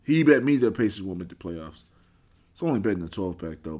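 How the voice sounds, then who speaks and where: A man's voice: low voice, big pitch swings, fairly quick, darkish tone. A man talking casually on a podcast, rambling and swearing freely in a laid-back way.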